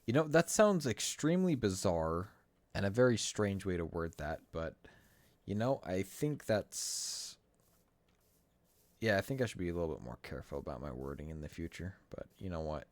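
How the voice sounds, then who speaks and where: Low-voiced man rambling through gameplay. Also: expressive, normal speed, no room sound. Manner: rambling, self-correcting, wry. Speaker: streamer. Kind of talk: casual gameplay commentary. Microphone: desk microphone.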